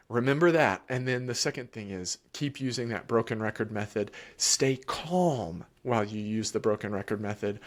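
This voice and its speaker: A man who is a child therapist, answering parents' questions live in a calm, emphatic way and repeating key phrases. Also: mid-range voice. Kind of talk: live Q&A advice.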